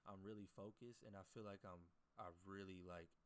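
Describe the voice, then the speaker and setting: A man's voice: low-pitched, steady tone, brisk. A man day trader chatting casually to his livestream viewers, rambling and profane as he gives his chat a pep talk.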